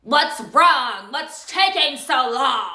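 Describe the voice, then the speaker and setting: A woman's voice: high voice, lively intonation, slow pace, bright, forceful tone, echoey room, voice pushed up, full character voice. A woman playing a rude, scornful customer. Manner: scornful, impatient. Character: rude demanding female customer returning soiled goods.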